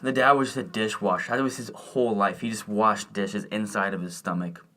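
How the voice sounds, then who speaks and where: A man's voice: fairly low pitch, steady tone, fairly quick, pushed and bright. A young man co-hosting a podcast in a laid-back, joking way. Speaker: podcast co-host. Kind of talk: casual chat.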